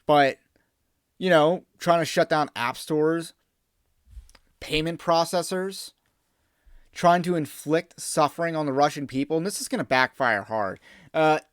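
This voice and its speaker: Man, podcast host, opinionated, digressive, emphatic, slightly high voice, dry close recording. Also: measured pace, long pauses, smooth, no room sound. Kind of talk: political commentary monologue.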